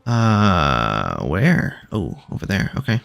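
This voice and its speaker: A man's voice: low voice, wildly swooping pitch, takes it slowly, vocal fry, a bit bright, clean tone, soft background music. A man casually commenting on his own gameplay as he plays, thinking aloud and reacting with sudden exclamations. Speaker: gaming video creator.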